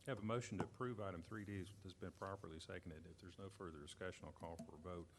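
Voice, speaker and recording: A man chairing a public board meeting, running through motions and votes in brisk, routine procedural phrasing. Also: deep voice, fairly even intonation, heavy background noise. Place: community center gym.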